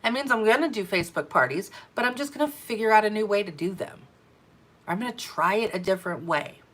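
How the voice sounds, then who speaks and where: Emphatic woman giving motivational business tips. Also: on the low side. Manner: energetic, emphatic, repeats key phrases. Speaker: sales business coach. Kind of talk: motivational business talk to camera.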